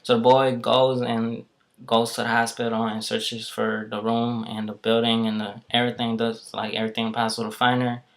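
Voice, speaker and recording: Flat, monotone young man rambling. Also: medium pitch, normal speed, gravelly. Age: young adult. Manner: rambling, full of "like" and "um". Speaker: vlogger telling a story. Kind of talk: casual spoken storytelling.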